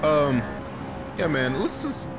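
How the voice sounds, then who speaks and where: The voice is a little high and unhurried: a gaming YouTuber casually rambling over his gameplay, excitable, cursing frequently and filling gaps with fillers. Behind him play loud game music and car engine sounds.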